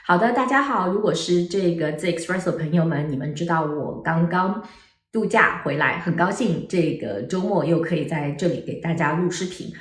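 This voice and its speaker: Lively woman teaching Mandarin tones. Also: fairly low pitch, normal speed, reverberant, far from the mic. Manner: animated, exaggerated tone demonstrations. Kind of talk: online language lesson.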